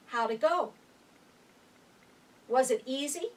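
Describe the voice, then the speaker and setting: A woman instructor calmly leading a guided chair breathing exercise, counting breaths aloud with gentle instructions. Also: a little high, a little slow, long pauses. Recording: voice picked up from a distance.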